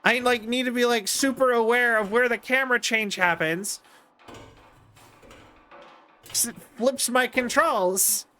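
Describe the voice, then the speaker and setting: A man's voice: very high voice, measured pace, long pauses, sharp tone, faint music behind. A man casually commenting on a video game as he plays, chatty and rambling with lots of fillers. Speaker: streamer.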